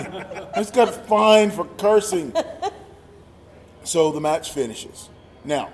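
A man telling a story in casual chat, acting out quotes with animated energy. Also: fairly high pitch. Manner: animated, acts out quotes loudly. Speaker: podcast guest, former wrestler. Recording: roomy with long reverb and faint noise.

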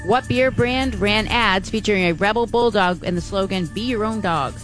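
A woman on a morning radio show reading trivia questions out clearly and steadily. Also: medium pitch, normal speed, soft background music.

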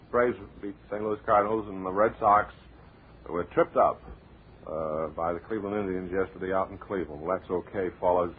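A man hosting a comedy radio show in a deadpan, rambling, mock-serious way, heard on a tinny old radio recording with light hiss. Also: sits low. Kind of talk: deadpan comic radio patter.

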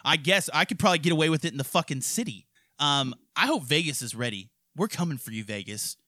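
A man from hosting a podcast, telling crude stories in a rowdy, profane, animated way. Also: on the high side, fast, no room sound, clean studio sound. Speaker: podcast host. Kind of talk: crude casual storytelling.

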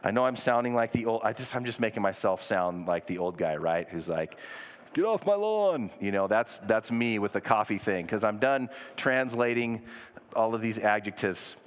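A man's voice: on the low side, normal speed. Man, pastor, conversational sermon, long hall reverb. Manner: conversational, self-deprecating asides. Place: church sanctuary.

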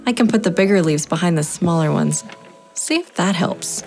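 A woman's voice: lowish voice, expressive, normal speed, faint music behind. A woman playing a kind, encouraging grade-school teacher in a children's audio drama. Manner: warm, encouraging.

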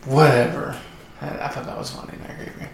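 Man, casual podcast chat, joking asides, gravelly voice, echoey room. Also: medium pitch, steady tone, fairly quick, slight background noise. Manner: retells movie plots with joking asides. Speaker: podcast co-host.

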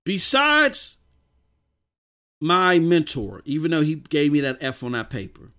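A man's voice: a little high, wildly swooping pitch, a little slow, bright, forceful tone. A man hosting a livestream in casual, off-the-cuff chat, talking emphatically with frequent stumbling restarts. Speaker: livestream host.

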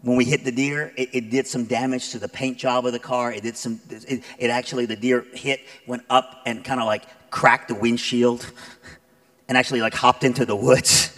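A man preaching a sermon as a guest speaker, telling stories conversationally with many fillers and building to loud, emphatic peaks. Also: medium pitch. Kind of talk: sermon with storytelling.

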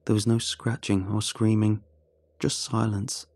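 Husky-voiced man narrating a horror story. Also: fairly low pitch, flat delivery, measured pace, a little mellow, dry recording.

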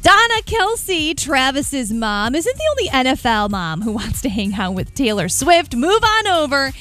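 A woman's voice: high-pitched, big pitch swings, a little slow, fairly bright tone, soft background music. A woman co-hosting a morning radio show, chatting casually and animatedly, often laughing as she tells stories.

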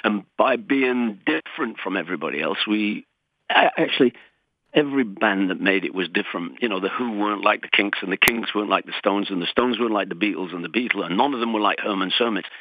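An older man from England, chatting as a guest in an interview, self-mocking and lively. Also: lowish voice, brisk, no room sound. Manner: chatty, self-mocking, sings snatches of songs. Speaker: guest musician. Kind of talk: casual interview chat. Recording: tinny dry phone line.

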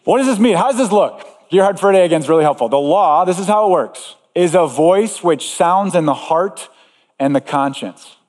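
A man's voice: high-pitched, expressive, moderate pace, a little mellow, long reverb tail. A man preaching a sermon as pastor, earnest and emphatic, repeating key phrases.

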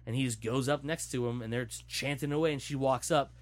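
A man in casual chat, retelling a story in an animated, profane way. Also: mid-range voice, fast talker.

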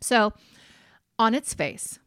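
A woman's voice: on the high side, lively intonation, slow pace, a bit bright, smooth, no echo, clean studio sound. A woman co-hosting a podcast, chatting casually about reality TV in a blunt, mocking, profane way and laughing often. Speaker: podcast co-host.

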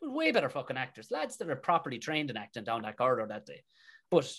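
A man's voice: mid-range voice, wildly swooping pitch, quick pace, a bit bright. A man with a Tipperary Irish accent, a comedic actor telling a story in an interview, swearing freely and rambling with restarts. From Tipperary, Ireland.

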